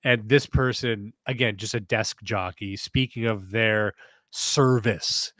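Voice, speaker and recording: A man's voice: fairly low pitch, steady tone, slow pace, bright, forceful tone, no room sound. A man hosting a comedy podcast, riffing sarcastically in a casual rant and reading posts aloud in mock voices. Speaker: podcast host.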